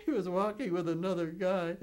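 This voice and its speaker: A woman's voice: lowish voice, normal speed. A woman in her nineties telling wartime stories in an oral history interview, chuckling often and wandering through restarts and fillers. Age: 90s. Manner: chuckles often while telling lively anecdotes; rambling with frequent restarts and fillers. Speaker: WWII veteran interviewee.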